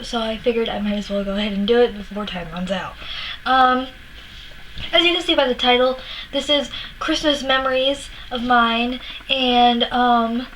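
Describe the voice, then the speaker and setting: A young woman talks into the camera in a personal vlog, her voice pitched a little high. She rambles, full of fillers and restarts, and sounds tearful and upset. A faint hiss of noise sits behind her. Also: fairly bright tone, rough recording. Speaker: vlogger.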